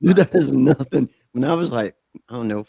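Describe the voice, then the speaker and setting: Middle-aged guy hosting a podcast, low gravelly voice, swears and jokes a lot, dry close sound. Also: lively intonation, brisk, warm tone, no room sound. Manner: profane, joking, loose fillers. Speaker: podcast host. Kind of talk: casual, crude chat.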